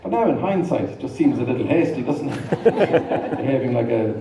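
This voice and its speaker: A man's voice: medium pitch, lively intonation, normal speed. A middle-aged man performing stand-up comedy, dry and self-deprecating, with rambling asides. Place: large live venue with audience. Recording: echoey hall, distant mic, noisy. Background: audience laughter.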